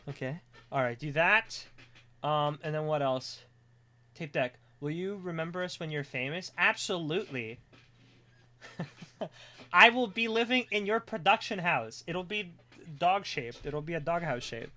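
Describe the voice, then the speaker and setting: A streamer chatting casually on a live stream, excitable and rambling, drifting into quiet mumbling while setting things up. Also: mid-range voice, unhurried, long pauses.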